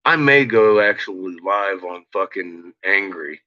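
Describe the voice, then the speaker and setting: Slow, bright-voiced frustrated man ranting. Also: low voice, animated. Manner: frustrated, swearing, slow rambling talk. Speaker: livestream host. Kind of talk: casual livestream rant. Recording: dull lo-fi sound with faint noise.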